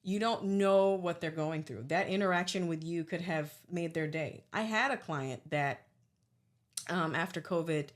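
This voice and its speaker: A woman's voice: fairly low pitch, a little slow. A woman hosting a podcast, chatting earnestly and calling her guest "girl". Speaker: podcast host; salon owner. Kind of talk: casual chat.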